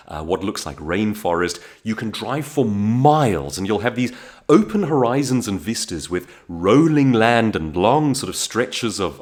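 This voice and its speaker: A man from South Africa with a South African accent, telling stories in a casual monologue to camera with frequent restarts. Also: on the low side. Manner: animated storytelling with frequent restarts. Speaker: vlogger.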